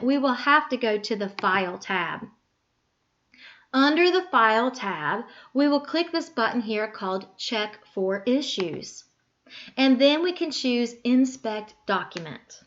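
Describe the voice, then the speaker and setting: A woman talks students through a computer task one click at a time, patient and plain-spoken, fixing her own slips as she goes. Her voice sits a little high. The recording is muffled and lo-fi, like cheap screen-capture audio. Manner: patient, talks through each click, self-correcting aloud. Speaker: teacher. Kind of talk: screen-recorded software tutorial.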